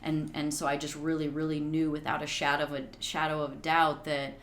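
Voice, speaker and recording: A woman in her thirties speaks in a low register, earnest and searching, filling her thoughts with "like". Her voice rings a little in a roomy space, with faint noise behind. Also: completely flat delivery, fairly quick. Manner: earnest, many fillers like "like". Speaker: podcast guest. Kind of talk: reflective conversation.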